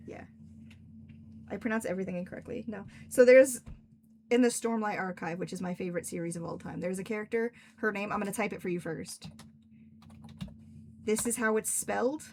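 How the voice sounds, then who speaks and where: A woman's voice: mid-range voice, fairly quick, long pauses, darkish tone, slight background noise. A young woman, an author, chatting casually and rambling on a livestream, laughing often. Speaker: author and streamer.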